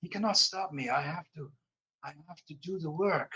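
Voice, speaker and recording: A man's voice: fairly high pitch, normal speed, bright, forceful tone, slightly rough, voice pushed up, full character voice. A man doing a frantic French Canadian captive. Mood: frantic pleading. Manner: pleading, babbling in broken English and French.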